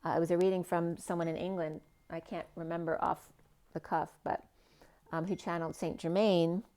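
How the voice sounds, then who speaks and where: A woman with a slightly low voice gives a spiritual tarot reading. She meanders from one association to the next, full of "um"s and half-finished phrases, and now and then stretches a word out slowly. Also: flat delivery, warm tone, clean tone. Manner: rambling, free-associating, with many fillers and trailing phrases. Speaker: tarot reader.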